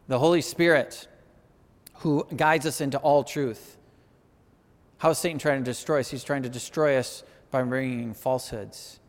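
A man preaching a sermon, animated and conversational, often asking "right?" and building to emphatic peaks. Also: medium pitch, in a large hall. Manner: conversational, asks the audience "right?".

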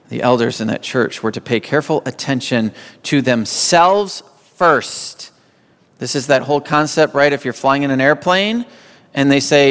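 A man's voice: medium pitch, moderate pace, fairly bright tone. A man preaching a sermon as a pastor, emphatic and repeating phrases for weight. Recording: long hall reverb.

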